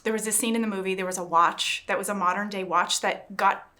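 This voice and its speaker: A woman's voice: medium pitch, steady tone, fast talker, sharp tone. A woman interviewing film talent at a press junket, asking chatty, rambling questions. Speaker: entertainment interviewer.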